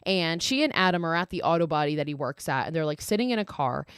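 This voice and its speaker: A woman with a lowish voice talks through a horror film plot in a loose, chatty way. She leans on filler words, swears freely and slips into quick impressions of the characters. The sound is close and dry. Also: clear, resonant tone, no room sound. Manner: animated quoting of characters. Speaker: podcast host. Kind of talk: casual horror film recap.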